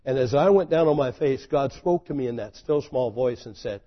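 A man preaching a sermon, telling a story dramatically, swinging from loud exclamations to hushed intensity. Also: mid-range voice, lively intonation, normal speed, hardly any pauses, highs cut off.

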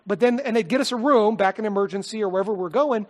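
A man preaching a sermon, telling a personal story in an earnest, heartfelt way and often dropping to a soft, quiet voice. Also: high-pitched, fast. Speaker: pastor.

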